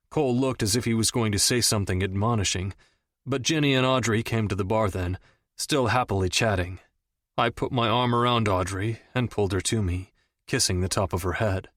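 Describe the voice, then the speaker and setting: A man reading a first-person romance audiobook with steady, understated storytelling. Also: lowish voice, dry recording, clean studio sound. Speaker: audiobook narrator.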